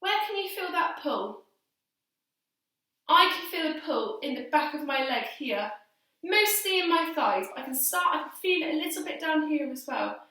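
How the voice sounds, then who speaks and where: A woman's voice: high-pitched, lively intonation, moderate pace, bright, forceful tone. A young woman PE teacher leading children through exercises at home, giving encouraging step-by-step instructions and counting aloud while slightly out of breath from doing them herself. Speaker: primary school PE teacher. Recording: very echoey hall, distant from mic.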